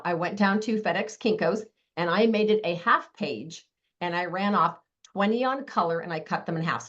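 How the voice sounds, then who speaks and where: Upbeat fast-talking woman coaching her sales team on a video call, kinda muffled lo-fi sound. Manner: fast-talking, high-energy, animated. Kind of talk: live online training talk.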